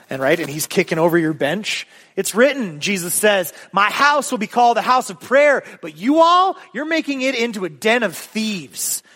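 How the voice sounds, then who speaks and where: A man delivers a sermon in a relaxed, chatty way and acts out quotes in lively voices. His voice sits a little high for a man. The sound rings with the long reverb of a big church hall. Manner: casual, animated preaching with voiced quotes. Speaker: guest preacher.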